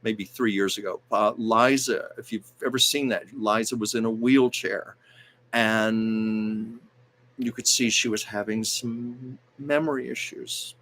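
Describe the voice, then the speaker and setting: A man with a somewhat low voice hosts a casual livestream. He talks in a chatty, digressive way, wandering between stories and viewer comments he reads aloud. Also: fairly even intonation, a little slow, a bit bright, slight background noise. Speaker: host of a livestream show.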